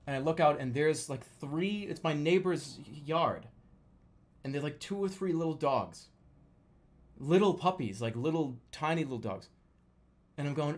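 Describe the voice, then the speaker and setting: A young man casually telling a story, swearing freely and loudly acting out the lines he quotes. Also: a little high, big pitch swings, moderate pace. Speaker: storyteller recounting a dream.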